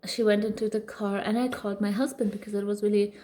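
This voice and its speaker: A woman in her thirties talks straight to camera about raising her daughter, chatty and unpolished, full of ums and restarts. Her voice is mellow and warm, sitting at a middle pitch. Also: fairly even intonation, fast. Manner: chatty, frequent fillers and restarts. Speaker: parenting vlogger. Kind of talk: casual storytelling monologue.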